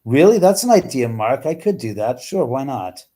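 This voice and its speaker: Male livestream host at home, husky and mellow, chatty, swears freely. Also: medium pitch, big pitch swings, normal speed. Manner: chatty and exclamatory, swears casually. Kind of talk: casual live-stream chat, answering viewers.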